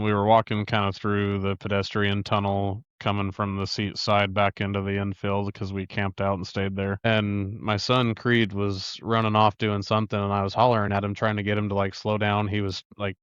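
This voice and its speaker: A man in his thirties with a low, smooth voice tells profane, lively stories on a casual podcast. The sound is dry and a bit dull, like a home mic. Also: normal speed, few pauses, dry recording. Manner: profane, animated storyteller. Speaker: podcast co-host.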